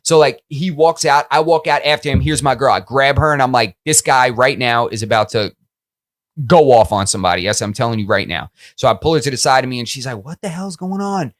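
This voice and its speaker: Young dude podcast cohost, rapid-fire, swears a ton, dry close sound. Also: male voice, medium pitch, no echo. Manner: animated storyteller, swears a lot. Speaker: podcast co-host. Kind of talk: casual banter.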